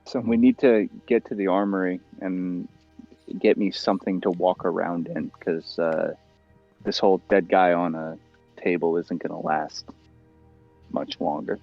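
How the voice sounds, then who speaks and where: A man's voice: deep voice, fairly even intonation, a little slow, gravelly, dry recording, soft background music. A man playing in a tabletop game, joking and laughing often as he talks. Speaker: player. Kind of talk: casual tabletop game chat. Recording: slightly muffled dry mic.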